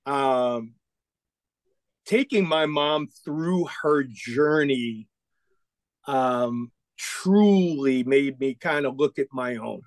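A man in his forties telling animated stories as a podcast guest, acting out quoted dialogue. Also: mid-range voice, very slow, no room sound. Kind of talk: casual storytelling interview.

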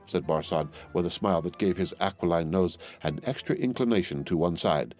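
A man narrating a classic novel as an audiobook, in a measured storytelling manner. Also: deep voice, a little mellow, faint music behind.

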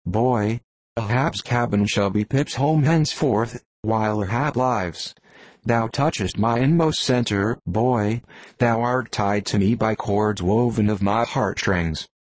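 A man's voice: lowish voice, a little mellow, no echo. A man voicing an obsessed old sea captain in an audiobook, speaking in grand, archaic declamations. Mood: impassioned.

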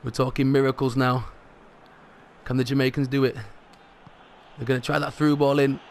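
A man gives running commentary on a football video game he is playing, narrating each pass and tackle. His voice is gravelly, set at an ordinary pitch for a man, and it jumps up with excitement when a goal or a close chance comes. A faint ambient hum sits under the recording. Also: normal speed. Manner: excitable, rises sharply at goals. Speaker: gaming commentator.

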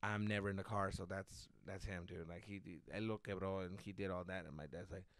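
A man's voice: low-pitched, steady tone, fairly quick, fairly bright tone, no room sound. A man hosting a podcast, telling rambling, profane stories from home in a casual way. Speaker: podcast host. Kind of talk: casual storytelling.

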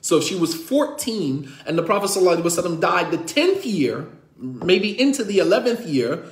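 In an echoey room, a high-voiced imam teaches a religious class, expressive and fairly quick. He lectures with passion, repeating his points emphatically and asking question after rhetorical question.

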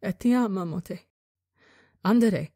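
A woman's voice: mid-range voice, slow pace, mellow, no room sound, clean studio sound. A woman voicing a loving alien mother with antennae, pleading and watery-voiced. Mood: urgent.

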